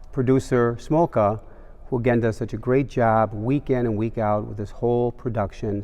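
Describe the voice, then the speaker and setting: A man giving a genial Sunday homily as a priest, telling a story in a calm, measured way. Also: lowish voice. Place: large cathedral. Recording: long cathedral reverb.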